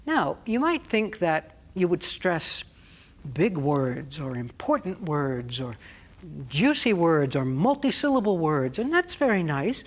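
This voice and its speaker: A woman voice coach giving a clear, deliberate spoken lesson on stressing words. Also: low voice, big pitch swings.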